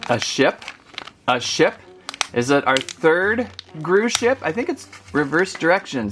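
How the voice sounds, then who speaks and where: A man's voice: on the high side, animated, measured pace, a bit bright, soft background music. A man chatting his way through a casual toy unboxing review, rambling and easily amused.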